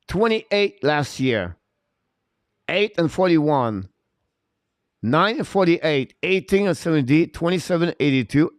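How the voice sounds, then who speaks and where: A man's voice: medium pitch, no echo, clean studio sound. A man hosting a hockey fan show, talking emphatically, repeating his points and reeling off player stats. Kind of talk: animated fan hockey talk.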